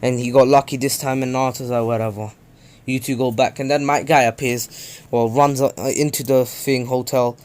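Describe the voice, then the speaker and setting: A man's voice: medium pitch, flat delivery, brisk, darkish tone, clean tone. A young man casually retelling a fan-made story, rambling with frequent fillers and self-corrections.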